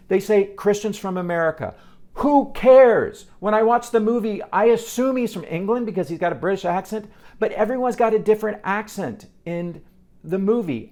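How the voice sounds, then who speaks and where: A man reviewing a stage musical in a casual, animated way, with exasperated asides and quick restarts. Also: a little high. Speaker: theater reviewer.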